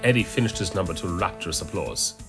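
A man narrating a story in an expressive reading voice. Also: deep voice, fast talker. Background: background music.

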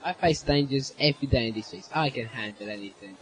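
A man's voice: medium pitch, fast, a bit bright, slight background noise, lightly acted, rough recording. A man playing a young, streetwise man who talks bluntly and eagerly. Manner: blunt, streetwise, short replies. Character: young male street kid, cocky but eager.

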